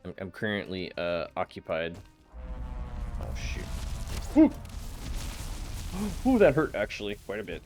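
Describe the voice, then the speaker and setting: Playful low-voiced male streamer. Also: wildly swooping pitch, measured pace, long pauses, a little mellow, soft background music. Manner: playful, teasing, laughs often, stammers. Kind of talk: casual live-stream chat while gaming.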